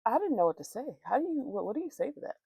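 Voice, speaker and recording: A woman's voice: on the high side, very animated, rapid-fire, vocal fry, mellow, husky, dry recording, studio quality. A woman vlogger chatting casually, telling a rambling, profane, candid story with many restarts.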